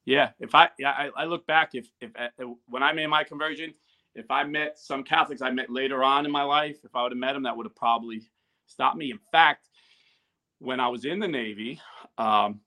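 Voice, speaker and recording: A man's voice: mid-range voice, fairly quick, pushed and bright. A man tells stories in a casual interview and acts out the quoted dialogue. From New Jersey. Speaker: guest, YouTuber. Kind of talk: casual storytelling.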